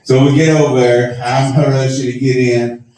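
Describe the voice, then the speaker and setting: A man's voice: mid-range voice, little pitch movement, normal speed, mellow. Rambling man in an echoey room. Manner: rambling, self-mocking, acts out dialogue. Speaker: awards show host. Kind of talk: live storytelling to an audience. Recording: echoey room, mic at a distance.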